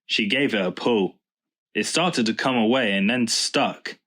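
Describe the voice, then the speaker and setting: Man calmly reading a storybook. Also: lowish voice, a little slow. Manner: calm, even narration. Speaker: narrator.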